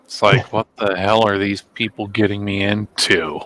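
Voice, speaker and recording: Low voiced guy cracking jokes, bright sharp tone. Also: flat delivery, moderate pace, rough recording. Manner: quips and wisecracks. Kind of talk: casual chat.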